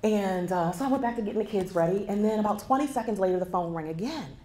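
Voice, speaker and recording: A woman's voice: mid-range voice, fast talker. A woman in her forties giving a motivational keynote speech, telling a personal story and speaking straight to the audience. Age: 40s. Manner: animated storytelling, addresses the audience directly. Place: conference hall before a live audience. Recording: echoey hall with faint background noise.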